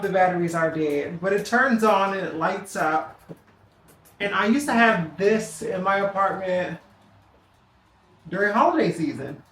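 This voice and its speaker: A woman's voice: medium pitch, a bit bright, reverberant. A woman vlogger chatting casually and sassily to her viewers at home while packing up to move, calling them girl and child.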